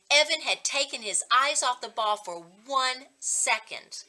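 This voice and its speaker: A woman school reading coach reading a children's chapter book aloud and addressing students in an expressive, upbeat teacherly way. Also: sits high, measured pace, few pauses, rough recording. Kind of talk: read-aloud storytime for schoolchildren.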